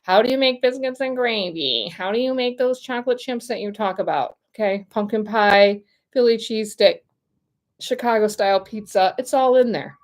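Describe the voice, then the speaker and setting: A woman's voice: a little high, normal speed. An American woman in her forties chatting casually to camera, bubbly and rambling with lots of fillers. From United States. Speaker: vlogger and relocation consultant.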